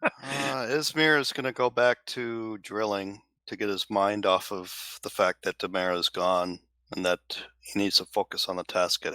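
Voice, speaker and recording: A man playing a tabletop game, calmly describing what his character does. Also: on the low side, smooth, no echo. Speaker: player.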